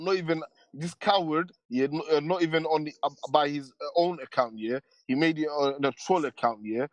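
A man's voice: a little high, dry recording. A man ranting casually on a stream panel, rambling and full of street slang and repeated tags. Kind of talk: casual heated rant.

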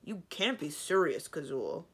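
Big grumpy dragon, sneering, gravelly, lady reading it. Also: fairly low pitch, big pitch swings, a little slow, a bit bright, heavily acted. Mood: scornful. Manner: scornful, snorting. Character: large grumpy dragon, scornful and irritable.

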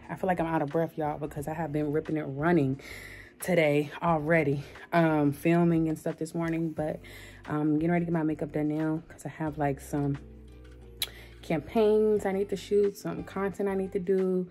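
A woman's voice: low-pitched, fairly even intonation, normal speed, mellow, soft background music. A young woman chatting upbeat and straight to her viewers in a casual vlog, calling them y'all. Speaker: lifestyle vlogger.

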